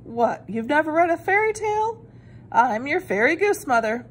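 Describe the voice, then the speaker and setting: A woman's voice: sits high, very animated, moderate pace, voice pushed up. Woman putting on a brash wisecracking fairy goose. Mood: sassy. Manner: brash, offhand, slangy.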